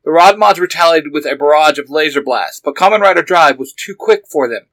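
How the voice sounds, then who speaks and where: A man's voice: on the high side, expressive, brisk, a bit bright, no room sound, low-quality recording. A man reading a superhero fan story aloud with eager narration.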